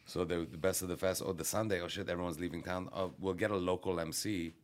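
Deep-voiced man telling a rambling comedy story. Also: steady tone, fast. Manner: rambling, profane, self-interrupting. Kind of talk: casual podcast storytelling. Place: radio studio.

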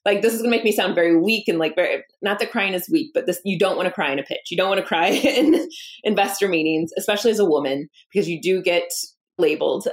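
Woman founder, 30s, candid and lively in interview, slips into quoted voices. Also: lowish voice, fast talker. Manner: animated, acts out quoted dialogue, laughs often. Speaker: founder and guest.

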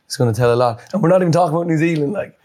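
A man's voice: fairly high pitch, racing, dark tone. A man co-hosting a sports podcast, talking enthusiastically and laughing easily. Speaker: podcast co-host. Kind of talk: casual sports chat.

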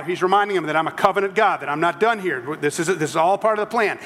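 A man's voice: high-pitched, fast talker, hardly any pauses, fairly bright tone, in a large hall. A man preaching a sermon, telling the story in a conversational way with humorous asides. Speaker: pastor.

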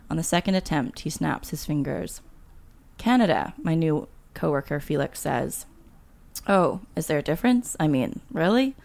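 Low, gravelly woman author; chatty, laughs easily, reads memoir aloud. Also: darkish tone. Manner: laughs often, reads with light voicing of dialogue. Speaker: guest author. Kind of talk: casual chat, then reading her memoir aloud.

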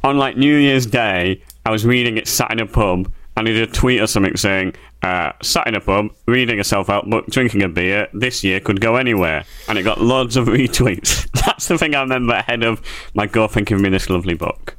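A man's voice: fairly low pitch, brisk, fairly bright tone, dry recording. A man co-hosting a podcast, chatting casually in a rambling, jokey, self-mocking way. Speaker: podcast co-host. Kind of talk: casual chat.

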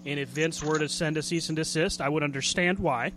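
A man's voice: a little high, steady tone, brisk, fairly bright tone, slight background noise. A man hosting a wrestling radio show, chatting casually in a jokey, rambling way and laughing easily. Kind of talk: casual chat.

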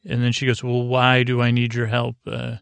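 A man's voice: medium pitch, monotone, normal speed, gravelly, a bit bright, smooth, dry recording. A man hosting a podcast, casually recapping a TV episode in a rambling way, full of fillers and restarts. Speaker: podcast host.

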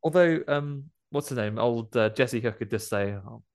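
A man's voice: mid-range voice, normal speed. A man chatting casually about a film, jokily acting out the characters' lines. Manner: jokey, playfully acts out film characters' lines.

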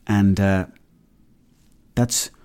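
A low, darkish voice with fairly even intonation speaks extremely slowly. It belongs to an Irish man in his thirties who hosts a solo podcast, rambling and joking loosely and performing small dialogues.

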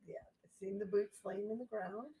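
A woman's voice: mid-range voice, steady tone, normal speed, dark tone, rough recording. A woman co-hosting a casual movie chat, dropping dry wisecracks. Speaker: podcast co-host.

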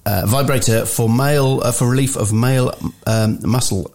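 A man co-hosting a podcast, halting and full of fillers, with cheeky interjections. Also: mid-range voice, fairly even intonation, a little mellow. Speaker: podcast co-host. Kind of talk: casual chat.

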